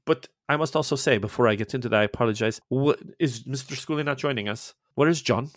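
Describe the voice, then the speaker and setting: A man's voice: medium pitch, dry recording, studio quality, natural voice. A man doing a genial Italian priest. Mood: concerned. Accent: Italian put-on. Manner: courteous, halting, chuckling.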